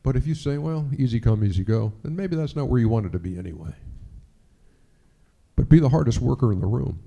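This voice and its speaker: A man's voice: mid-range voice, very animated, a little fast, vocal fry, warm tone, highs cut off. A middle-aged sportscaster giving a speech to an audience, telling stories animatedly and acting out the lines he quotes.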